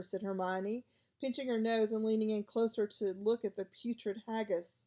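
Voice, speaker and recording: A woman's voice: medium pitch, normal speed. A woman narrating an audiobook, reading expressively. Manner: expressive, lively voices for each character. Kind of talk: storybook reading.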